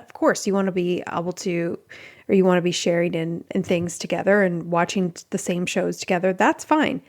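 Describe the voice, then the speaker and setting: Casting note: middle-aged woman, chatty host, animated, acts out quotes, mid pitch. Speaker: relationship podcast host. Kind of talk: casual advice monologue.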